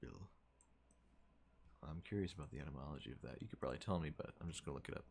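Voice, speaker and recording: A man's voice: rumbling low, very fast, a little mellow, slight background noise. A man streaming and chatting casually with his viewers, rambling and thinking aloud with lots of fillers and restarts. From United States.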